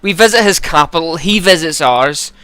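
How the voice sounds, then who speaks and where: A gruff, hulking giant warrior growls his words in a heavy put-on Glaswegian accent, as a man puts him on. He is blunt and cynical, and his voice rings bright and clear. It is game dialogue voiced aloud by one reader. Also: on the high side, animated, moderate pace, dry recording, pitched above the performer's own voice. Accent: put-on Glaswegian Scottish. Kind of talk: amateur voice acting over a game.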